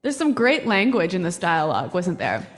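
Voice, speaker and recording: A woman's voice: lowish voice, sing-song, moderate pace, big-room sound. A woman co-hosting a scripted English lesson podcast, upbeat and responsive. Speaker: podcast co-host.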